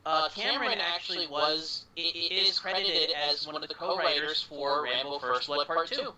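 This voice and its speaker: A man's voice: on the high side, normal speed, bright, forceful tone, far from the mic. A man hosting a casual film retrospective, earnest and stumbling over his starts. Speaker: podcast host. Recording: roomy room echo.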